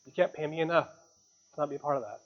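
A man preaching a sermon in a church, earnest, with sudden rises in pitch and volume on key points. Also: rapid-fire, lo-fi sound. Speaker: pastor.

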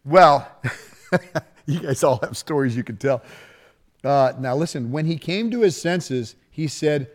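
Folksy middle-aged pastor preaching. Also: male voice, fairly high pitch, lively intonation, measured pace, pauses often. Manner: folksy, conversational preaching with laughter and asides to the congregation. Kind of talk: sermon.

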